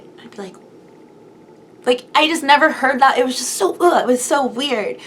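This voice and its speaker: A woman's voice: high-pitched, moderate pace, fairly bright tone, a little hiss or hum. A young woman in her twenties talking through a personal vlog, emotional and close to tears, rambling with many fillers. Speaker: vlogger.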